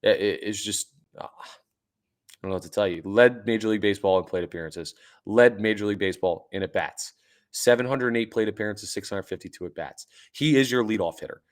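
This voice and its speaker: A man hosting a sports podcast, talking excitedly and emphatically, repeating points for emphasis. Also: fairly low pitch, a little fast. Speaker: podcast host.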